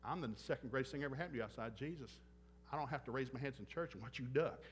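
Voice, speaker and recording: A man's voice: medium pitch, rapid-fire, slight background noise. Blunt joking man preaching a sermon. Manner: joking, blunt, acts out dialogue. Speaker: pastor. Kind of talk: sermon with acted-out anecdotes. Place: church service.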